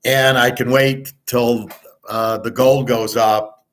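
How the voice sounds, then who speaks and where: A man's voice: medium pitch, fairly even intonation, slow pace. An older man hosting a livestream, ranting bluntly and profanely, repeating his points with emphasis and speaking straight to a viewer. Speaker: host.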